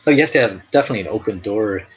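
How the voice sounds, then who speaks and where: Racing along in an animated, fairly low male voice, an artist hosting a live stream chats casually. His stories ramble and are full of fillers, all captured in dull, lo-fi stream audio.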